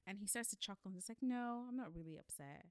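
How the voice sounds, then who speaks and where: A woman's voice: medium pitch, animated, fast talker, smooth, no room sound. A woman in a casual chat recapping a novel with her co-host, laughing often and acting out the characters' lines. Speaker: book club podcast co-host.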